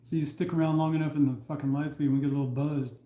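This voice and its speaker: A man's voice: fairly high pitch, steady tone, quick pace, warm tone, echoey room. A man co-hosting a live stream from home in casual chat, swearing and telling crude jokes while laughing at his own lines.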